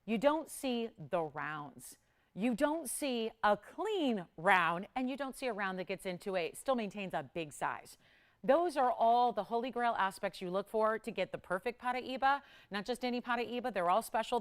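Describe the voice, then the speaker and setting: A woman hosting a live TV jewelry shopping show, enthusiastic and repeating words for emphasis. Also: on the high side. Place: TV studio.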